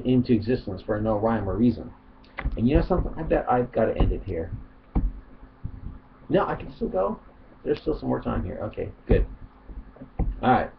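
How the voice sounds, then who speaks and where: A man's voice: medium pitch, vocal fry, slight background noise. A man hosting his channel, reading chat posts aloud and commenting in a rambling, chatty way on a dull lo-fi recording. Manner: rambling, self-interrupting, chatty. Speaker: channel host.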